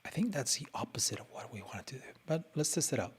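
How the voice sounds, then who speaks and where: A man's voice: mid-range voice, very animated, fast, breathy edge. A man streaming his design work, chatting casually and playfully as he thinks aloud and talks to his screen. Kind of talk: casual live design commentary.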